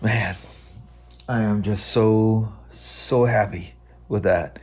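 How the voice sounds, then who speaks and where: A man's voice: fairly low pitch, fairly even intonation, slow pace, darkish tone, husky. A middle-aged man, chatting casually in a motorcycle vlog and chuckling often, out on a rainy ride and then at home. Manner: easygoing, talks to himself and the viewers, chuckles often. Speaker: motorcycle vlogger. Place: riding a motorcycle outdoors in the rain, then at home.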